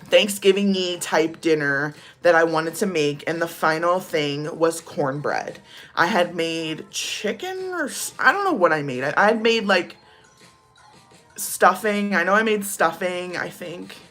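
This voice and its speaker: Low-voiced young woman telling a rambling story. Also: animated, unhurried, a bit bright, faint music behind. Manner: rambling, many "like" fillers, laughs through the story. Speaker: vlogger. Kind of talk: casual storytime chat.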